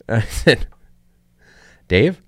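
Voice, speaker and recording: A man telling an old work story in a casual chat, deadpan and swearing freely. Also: very slow, no room sound, clean studio sound. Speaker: podcast guest, comedian.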